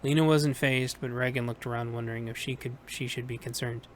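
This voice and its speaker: Male audiobook narrator, even monotone reading, light hiss in the recording. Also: medium pitch, fairly quick. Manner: steady, plain reading with small self-corrections. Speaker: audiobook reader.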